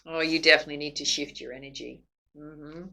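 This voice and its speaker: Woman, tarot reader, low-pitched, gravelly, chatty. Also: fairly even intonation, fairly quick, slight background noise, rough recording. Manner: chatty, laughs often, warm affirmations. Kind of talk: tarot reading to camera.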